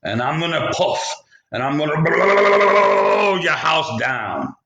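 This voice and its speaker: A man's voice: on the high side, very animated, slow, highs cut off, heavy background noise, voice pushed up, heavily acted. A man voicing a boastful, hungry big bad male wolf who talks in a swaggering, threatening way. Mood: blustering. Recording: roomy echo.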